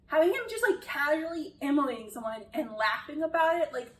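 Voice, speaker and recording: Chatty high-voiced woman critiquing a show. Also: lively intonation, a little fast, fairly bright tone, roomy sound, distant mic, a little hiss or hum, rough recording. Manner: chatty, exasperated, swears casually. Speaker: video essayist. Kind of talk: casual critique chat.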